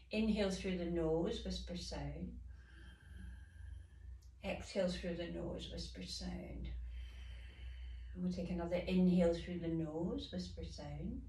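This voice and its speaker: A woman leading a yoga class with calm, gentle cues and sighing breaths, recorded in a room by a camera mic at a distance. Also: medium pitch, creaky. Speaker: yoga teacher. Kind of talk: guided yoga instruction. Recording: roomy, from off the mic.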